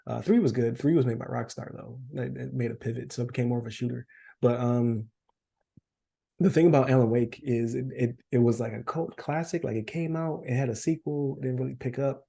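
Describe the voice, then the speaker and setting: Gravelly-voiced man chatting about games. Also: medium pitch, steady tone, a little fast, warm tone. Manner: rambling, laughs often, many fillers. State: losing his voice. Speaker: podcast co-host. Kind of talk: casual chat.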